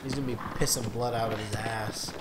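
A man giving casual gameplay commentary, rambling and swearing, with loud mock-taunting outbursts. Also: fairly low pitch, fairly even intonation, a little fast, heavy background noise. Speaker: gamer. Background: loud game music and horse sounds.

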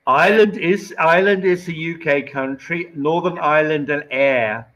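A man teaching English in a casual online lesson, explaining slowly and patiently with many fillers. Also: a little high, fairly bright tone, poor audio.

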